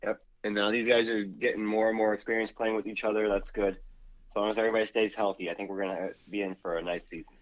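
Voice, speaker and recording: A man's voice: lowish voice, flat delivery, quick pace, no room sound, lo-fi sound. A man co-hosting a casual sports podcast, laughing often as he tells his stories. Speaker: podcast co-host.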